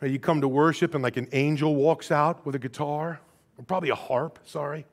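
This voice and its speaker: A middle-aged man preaching with a notably high voice. He tells stories in a casual, conversational way, sliding between quiet, low asides and raised, emphatic peaks. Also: fairly even intonation, brisk. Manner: conversational, casual phrasing with restarts. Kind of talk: sermon.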